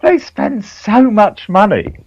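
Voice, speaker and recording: A man's voice: sits high, big pitch swings, darkish tone, lo-fi sound, a little hiss or hum. A young man, guest hosting a casual podcast chat, joking, swearing and laughing easily. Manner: jokey, swears, quick to laugh. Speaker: guest host.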